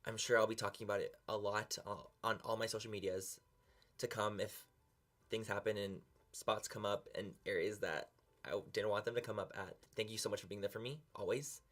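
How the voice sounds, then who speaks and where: A young beauty vlogger talks earnestly and emotionally to camera in a confessional vlog, close to tears and swearing casually. His lowish voice is a bit bright, with fairly even intonation and a slightly fast pace.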